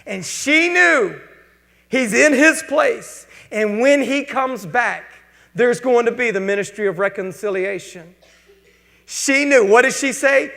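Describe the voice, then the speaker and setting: Pastor, high gravelly voice, preaching in a reverberant hall. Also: male voice, unhurried, fairly bright tone. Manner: preaching with quoted prayers and scripture, informal asides. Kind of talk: sermon.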